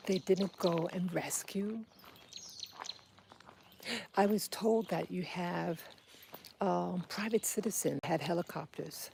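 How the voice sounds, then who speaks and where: A woman with a slow, gravelly, mellow voice speaks in a halting, angry monologue full of pauses and restarts. She is outdoors, with faint birds and rural sounds behind her. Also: lowish voice, a little hiss or hum. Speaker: vlogger. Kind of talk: political monologue.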